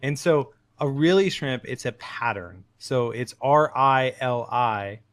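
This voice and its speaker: A man who is a podcast guest, explaining things in a friendly, casual way with quick asides. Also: medium pitch, expressive, dry recording. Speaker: podcast guest, shrimp breeder.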